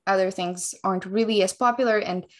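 A woman coach walks through a chess opening at an even, methodical pace. Her voice sits in a middle range, neither high nor low. She explains each move patiently to the viewers. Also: a little fast. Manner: calm, methodical explanation of moves.

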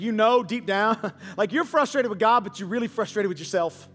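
A male pastor with a very high, bright and forceful voice delivers a lively sermon, telling the story in casual slang and playing out the dialogue. He sounds like he is in a church hall with a long echo, and soft music plays underneath. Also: quick pace. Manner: dynamic storytelling preacher, slangy, acts out dialogue. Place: church auditorium.

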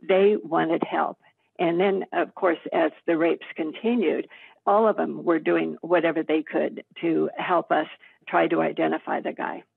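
A retired detective, a woman in her seventies, recounting old cases in a steady, matter-of-fact way. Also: fairly low pitch, vocal fry, slightly rough, no room sound. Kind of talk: recounting case memories in an interview. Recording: tinny phone line.

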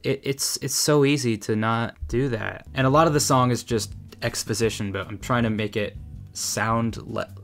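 A young man giving casual commentary, sarcastic and critical, with quick asides. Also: mid-range voice, fairly even intonation, vocal fry, faint music behind. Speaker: YouTuber. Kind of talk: casual commentary on song lyrics.

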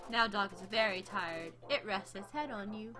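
A woman's voice: medium pitch, animated, moderate pace. A woman commenting as she plays a video game, reading its text aloud, giggling often and squealing with delight. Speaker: gamer playing a video game. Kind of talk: let's play commentary.

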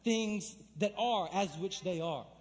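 A young man preaches in a church with a high, bright voice, his words ringing through a long hall reverb. He talks casually and then builds to fervent, emphatic calls. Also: slow pace. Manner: energetic, conversational preaching with emphatic build-ups. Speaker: pastor. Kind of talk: sermon. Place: church sanctuary.

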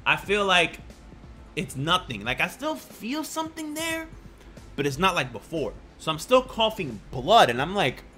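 A man's voice: sits high, unhurried, faint music behind. Slangy man telling a story casually. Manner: animated, slangy and crude, says "yo" and "bro". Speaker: vlogger.

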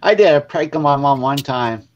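A man, a guest on a casual crafting chat, telling funny stories in a lively way and acting out the voices of the people in them. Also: on the high side, normal speed. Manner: animated, acts out quoted voices. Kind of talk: casual storytelling. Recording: dull lo-fi sound.

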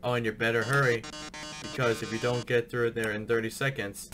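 A man's voice: mid-range voice, fairly even intonation, fairly quick, lightly acted. A man playing Mettaton, a theatrical killer robot. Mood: mock-tragic. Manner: theatrical, mock-sorrowful, drawling "darling". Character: flamboyant male killer robot TV star. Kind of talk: reading game dialogue aloud. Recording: game music behind.

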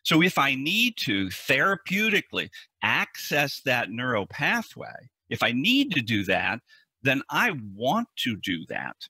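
A man's voice: medium pitch, huge pitch swings, a little slow, bright, forceful tone, slightly rough, dry recording. A man talking as a therapist in a podcast interview, explaining earnestly and often restarting or repeating words. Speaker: anxiety therapist.

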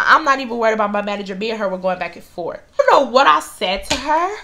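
A young woman vlogger telling a work story in a casual, animated and profane storytime monologue, often getting loud for emphasis. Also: on the high side, fast.

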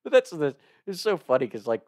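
A man's voice: on the high side, big pitch swings, brisk, a little mellow, no echo, clean studio sound. A man telling a casual personal anecdote in a loose, rambling way, often laughing mid-sentence. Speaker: storyteller.

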